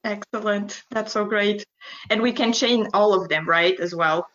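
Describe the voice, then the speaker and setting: A woman's voice: medium pitch, unhurried, a bit bright. A woman hosting a podcast interview, asking curious questions. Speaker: host. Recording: dull lo-fi audio.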